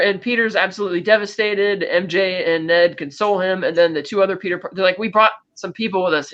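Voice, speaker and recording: A high, bright-voiced man who talks fast and rattles through a movie plot in a casual review chat, slipping into quick impressions of the characters as he goes. The sound is dull and lo-fi. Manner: rapid plot recap acting out characters' lines. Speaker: podcast co-host.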